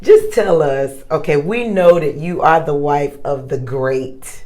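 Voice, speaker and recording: Podcast host: Southern woman, low voice, slow easy delivery, teasing, chatty. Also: warm tone. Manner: playful, teasing, talks to the audience as "y'all". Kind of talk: casual chat.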